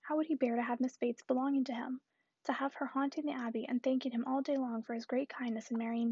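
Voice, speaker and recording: Fast high gravelly woman reading a novel. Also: steady tone, warm tone, no room sound, muffled recording. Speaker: audiobook reader. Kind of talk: reading a classic novel aloud.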